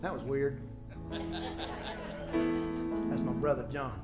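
A middle-aged male pastor preaching a sermon in church, swinging from quiet storytelling to shouted declarations. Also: mid-range voice, fairly even intonation, slow, over loud music. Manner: preaching with sudden shouted peaks and storytelling asides.

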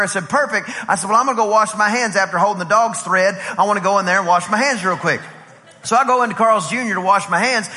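A male pastor preaching at a conference, telling a lively story and acting out the dialogue. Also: high voice. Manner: animated, acts out dialogue with voices and laughs. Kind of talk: storytelling sermon. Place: large conference hall. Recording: long hall reverb.

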